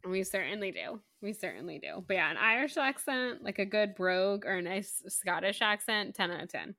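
An animated woman co-hosting a chatty book podcast. Her voice is bright and forward, recorded close and dry with no room sound. She laughs easily and keeps a quick, playful rhythm. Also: medium pitch, no room sound. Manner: animated, laughing often, breaks into playful impressions. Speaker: podcast co-host. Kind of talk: casual chat about books and movies.

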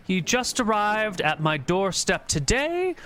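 A man's voice: high-pitched, big pitch swings, slow pace, a bit bright, voice pushed up, full character voice. A man voicing a greedy, scheming older wizard who takes on an apprentice. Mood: smug.

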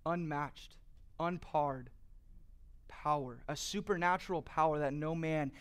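Man, pastor, earnest sermon, rhetorical questions, slightly raised pitch. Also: a little slow, clear, resonant tone. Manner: builds in energy, emphatic.

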